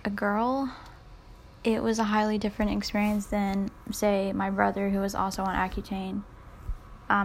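A young woman talking solo on her podcast, wandering off topic and poking fun at herself with quick jokey asides. Her voice sounds congested and a little nasal from her sinuses, sitting at an ordinary middle pitch for a woman. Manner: rambling, self-deprecating, jokey asides. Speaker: podcast host. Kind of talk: casual solo podcast chat.

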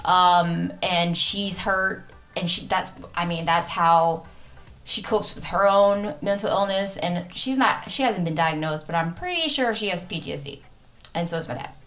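A woman's voice: fairly low pitch, fairly bright tone. A woman in her thirties hosting a podcast, talking frankly in a rambling, casual way, with many restarts and the odd swear. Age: 30s. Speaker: podcast host. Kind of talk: candid casual monologue.

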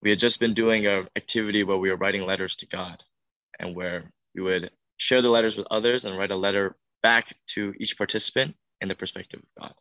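A man's voice: on the low side, fairly even intonation, fairly quick, pushed and bright, no echo. A young man who leads youth workshops, telling a heartfelt testimony in an earnest, emotional way that builds in intensity. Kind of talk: testimony talk.

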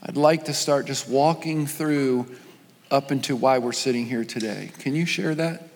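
A man hosting an interview on stage, asking slow, deliberate questions. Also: mid-range voice, big-room sound, a little hiss or hum. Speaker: host.

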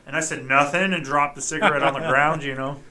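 A man co-hosting a podcast who tells childhood stories in a casual, animated way and swears freely. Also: fairly high pitch, quick pace. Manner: animated, profane storytelling. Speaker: podcast co-host. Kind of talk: casual chat, storytelling.

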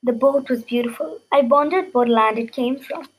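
High-pitched woman reading a children's story in lively first person; light stumbles, read-aloud tone. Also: moderate pace, husky, low-quality recording.

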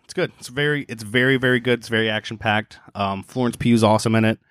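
A man's voice: mid-range voice, fairly even intonation, quick pace, a bit bright, clean tone, no room sound, clean studio sound. A man co-hosting a casual podcast, chatty and opinionated, with frequent fillers. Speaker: podcast co-host. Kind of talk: casual chat.

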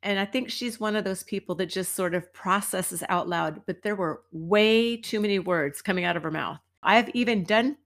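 Middle-aged woman, from the United States, podcast host, chatty wry storytelling, mid-pitched voice. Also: moderate pace, hardly any pauses. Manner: chatty and wry, acts out quoted people. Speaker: podcast host and dance teacher. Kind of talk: casual storytelling monologue.

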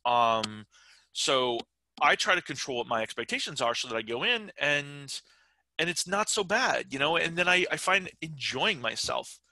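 A middle-aged man chatting as a podcast guest. His voice is very bright and forceful, and it is recorded dry and close. He rambles, with plenty of fillers and restarts. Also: on the high side, expressive, moderate pace, dry recording, poor audio. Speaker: podcast guest, writer and game developer. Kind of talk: casual interview chat.

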